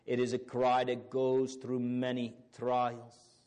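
A man's voice: mid-range voice, monotone, takes it slowly, a little mellow. A man preaching a sermon, earnest and fervent, with old biblical phrasing and rising exclamations.

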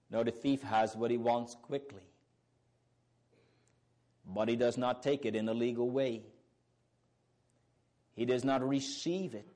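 A man's voice: mid-range voice, darkish tone. A man preaching a sermon, earnest and fervent, with old biblical phrasing and rising exclamations.

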